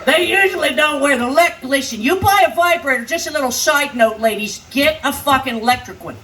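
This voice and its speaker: An older woman doing raunchy live stand-up comedy, brash and crude, shouting her punchlines. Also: sits high, fairly quick. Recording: live stage sound, distant, crowd noise. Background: noisy party crowd.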